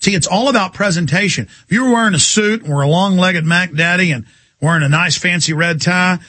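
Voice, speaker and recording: Brief: male talk radio host, husky and bright-edged, high-pitched, combative on-air rant. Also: fairly quick, no echo. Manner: mocking, combative, shifts pitch sharply for effect.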